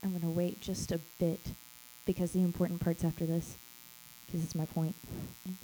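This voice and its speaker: A woman's voice: on the low side, flat delivery, brisk, mellow, slight background noise, poor audio. A woman who leads a small group, giving an emphatic church teaching talk. She repeats key phrases and acts out quoted lines.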